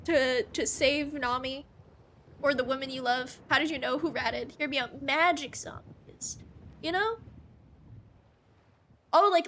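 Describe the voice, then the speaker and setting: Giggly lady streamer rambling to chat, high voice, bit of faint hiss behind. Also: a bit bright. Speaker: game streamer. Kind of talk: casual live-stream chat.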